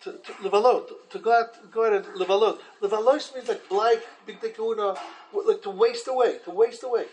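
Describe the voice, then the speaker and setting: High-voiced man teaching a Torah class. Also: fairly quick, slight background noise, low-quality recording. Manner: animated, many restarts, acts out quotes.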